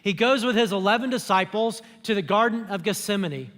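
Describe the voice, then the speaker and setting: Pastor, man, high voice, easygoing sermon style, big church reverb. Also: fairly quick, a bit bright. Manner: conversational preaching, acts out quoted speech. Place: church auditorium.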